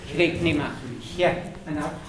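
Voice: mid-range voice, takes it slowly. A teacher with a Donegal accent giving a classroom pronunciation lesson, patiently saying each sound again and again. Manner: patient, repeats sounds many times over. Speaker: language teacher. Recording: very echoey room, mic far off, background noise.

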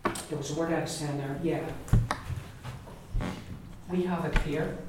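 Donegal-accented language teacher, repetitive and patient, distant mic in a boomy classroom with noise. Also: fairly even intonation, unhurried. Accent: Donegal Irish. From Donegal, Ireland. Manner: patient and repetitive, says each word several times, with asides and small laughs. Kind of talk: pronunciation class, teacher models words for the class to repeat. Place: large echoey classroom with a group of learners. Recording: echoey room, distant mic, background noise.

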